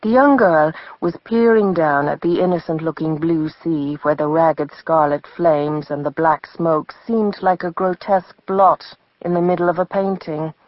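A woman narrating a novel as an audiobook in a measured storytelling manner. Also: deep voice, steady tone, no echo, dull audio. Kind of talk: scripted narration.

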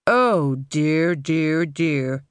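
A woman voicing a calm, soft-spoken masked male robber who talks in an unhurried, mockingly polite, almost soothing way. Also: deep voice, smooth, dry recording, full character voice. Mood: calm, polite menace.

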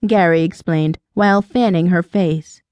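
A woman narrating an audiobook in an even, measured storytelling voice. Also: on the low side, dry recording.

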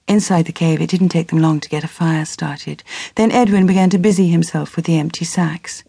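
Woman audiobook narrator, husky and lower-pitched, measured, scripted narration. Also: warm tone, no room sound, studio quality. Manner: measured storytelling.

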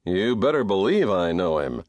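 A man's voice: low voice, very animated, normal speed, darkish tone, no echo. A man doing a grave, guarded cowboy. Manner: grave, dry, understated. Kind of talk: audiobook character voice.

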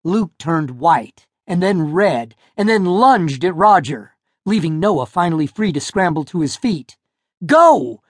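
Expressive male audiobook narrator. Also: a little high, a little slow, hardly any pauses, no echo, studio quality. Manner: expressive storytelling. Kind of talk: scripted narration. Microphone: close studio mic.

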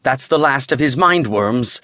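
A man's voice: medium pitch, expressive, unhurried, sharp tone, dry recording, clean studio sound. A man voicing a weary older wizard who speaks in a grave, matter-of-fact way. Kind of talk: audiobook character voice.

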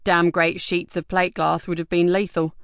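A woman voicing a gruff, cautious male fire officer who gives slow, steady warnings, in an audiobook. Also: fairly low pitch, no room sound, studio quality, lightly acted.

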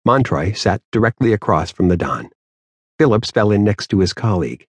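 A man narrating a crime novel audiobook in a steady, measured way. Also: on the low side, slightly rough, no room sound. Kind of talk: scripted narration.

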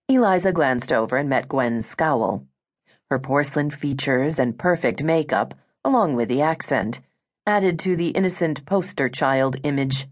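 A woman narrating a romance audiobook in a smooth, measured storytelling manner. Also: rumbling low, animated.

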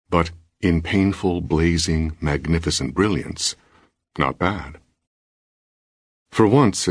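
Brief: male narrator, very deep and husky, wry measured first-person read, dry booth. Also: dry recording. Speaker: audiobook narrator. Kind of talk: scripted narration. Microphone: close studio mic.

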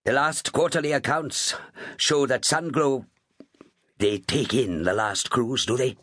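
For an audiobook, a man voices a small, fussy, middle-aged Indian shipping agent who is polite, courteous, and anxious. He pitches this character above his own natural voice, landing in a mid-range that is slightly bright and unhurried. The sound is clean studio audio with no room tone.

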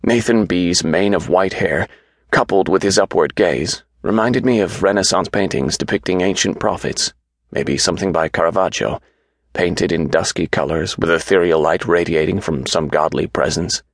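A man with a very deep, gravelly voice narrating an audiobook. His delivery is measured and even. The studio recording is close and dry, with no room sound. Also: no echo.

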